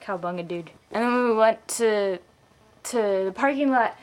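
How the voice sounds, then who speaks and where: Kinda drunk young woman giggling thru a rant on a handheld cam, voice a bit high, lots of likes and ums. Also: a little slow, smooth. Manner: giggly, rambling, full of fillers. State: tipsy. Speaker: vlogger. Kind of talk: casual rambling vlog rant.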